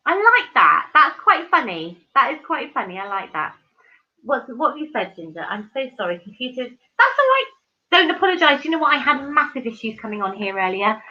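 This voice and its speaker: A woman's voice: a little high, big pitch swings, brisk. A woman hosting a live stream, chatting casually and effusively with viewers, reading out their comments with many ums and restarts. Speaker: livestream host. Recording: dull lo-fi stream audio.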